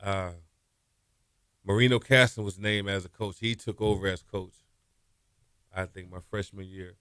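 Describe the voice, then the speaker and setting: A lowish, bright-edged voice from a man, telling stories as a studio guest. His delivery is relaxed and his sentences often fade out, all in a dry close sound. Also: normal speed, clear, resonant tone, no room sound. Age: 50s. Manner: relaxed storyteller, trails off softly. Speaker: former college quarterback guest. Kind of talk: interview storytelling. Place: radio studio.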